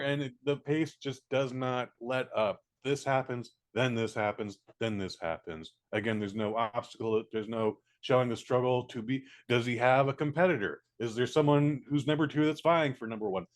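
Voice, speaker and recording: A man giving a casual spoken movie review, blunt and profane, acting out scenes in quick little voices. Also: mid-range voice. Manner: blunt, profane, animated, mimics characters.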